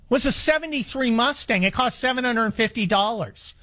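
A man's voice: very high-pitched, normal speed, few pauses, pushed and bright. A man in his fifties hosting a call-in talk radio show, ranting in an exasperated way with stammered restarts. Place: studio in the Los Angeles area.

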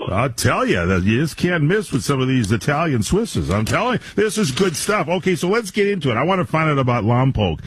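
A man's voice: on the high side, sing-song, a little fast, hardly any pauses, breathy edge. A man hosting a national radio talk show, enthusiastic and rambling, with many fillers. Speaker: radio host.

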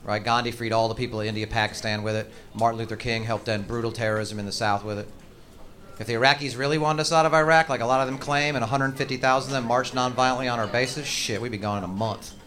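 A man's voice: mid-range voice, fairly even intonation, quick pace, fairly bright tone. A middle-aged man doing profane, ranting, self-mocking stand-up comedy in a live club set. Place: comedy stage.

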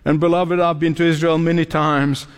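High-voiced man preaching in a reverberant hall. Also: flat delivery, smooth. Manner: preaching, emphatic repetitions, dramatic pauses. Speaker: pastor. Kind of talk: sermon. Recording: long reverb of a large hall.

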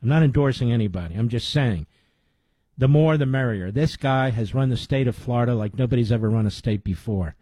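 A man hosting a talk radio show, reading a sponsor pitch in an emphatic, folksy way and repeating details slowly. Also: warm tone, dry recording. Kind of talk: live-read sponsor ad and commentary.

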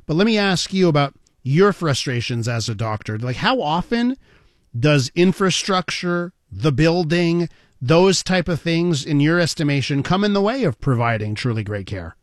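A man's voice: a little high, expressive, moderate pace, no echo, studio quality. A man hosting an interview, asking questions in a chatty, playfully teasing way. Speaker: radio interview host. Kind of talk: conversational interviewing.

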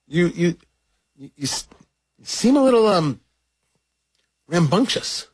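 A man's voice: high-pitched, sing-song, measured pace, slightly rough. A man co-hosting a podcast in casual chat, teasing his partner and stumbling over restarts. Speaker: podcast co-host.

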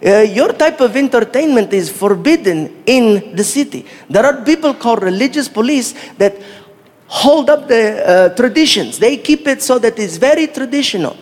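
A man's voice: very high-pitched, lively intonation, normal speed, long reverb tail. A man playing a chatty male driver who patiently explains the local rules, in a stand-up bit. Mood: explaining.

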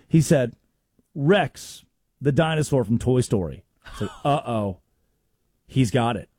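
A man hosting a casual, comedic sports talk show, telling stories with quick asides. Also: mid-range voice, slightly rough, dry recording, studio quality. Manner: animated storytelling with quick asides. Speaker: sports radio host.

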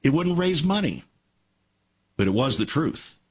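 Earnest older man with husky voice. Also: on the high side, very animated, unhurried. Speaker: radio show host. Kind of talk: conversational Christian talk radio.

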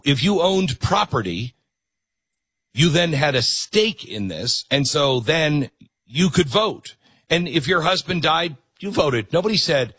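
A man hosting a political commentary show, talking in a sarcastic, animated way. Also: mid-range voice, husky, dry recording. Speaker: host.

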